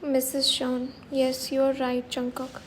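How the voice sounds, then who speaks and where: A woman's voice: high-pitched, completely flat delivery, slow, a little hiss or hum. A woman reading the part of an older mother-in-law pleading for forgiveness, naming her before each line in a plain apologetic reading.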